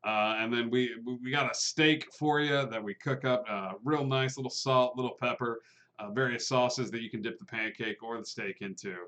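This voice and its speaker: A man voicing a big, gregarious older man who owns a diner and talks in a loud, hearty way. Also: fairly even intonation, moderate pace, lightly acted. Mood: boastful. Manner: loud, hearty and booming welcome.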